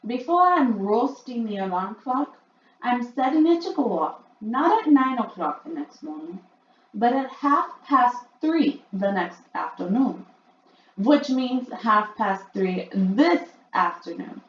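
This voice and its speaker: A woman playing a shrill, gloating witch leader. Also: animated, slow. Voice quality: shrill, loud and emphatic. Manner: read-aloud storybook acting. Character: commanding female witch leader, gloating and imperious. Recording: muffled, echoey room.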